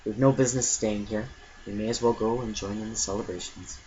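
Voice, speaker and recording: A man voicing a gentle old male wizard who speaks calmly and quietly, on a dull lo-fi recording. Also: lowish voice, brisk, a little hiss or hum, natural voice. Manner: quiet, murmuring.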